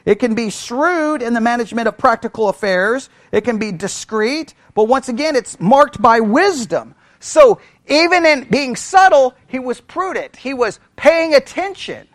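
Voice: medium pitch, animated, unhurried, few pauses, no echo, clean studio sound. A Bible study teacher who speaks with energy, keeps asking the listeners questions and checking in with "right?", and thinks aloud with restarts.

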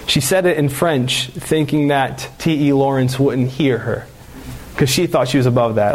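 A man's voice: mid-range voice, moderate pace, darkish tone. A man preaching a sermon as pastor, earnest and building into fervent exhortation.

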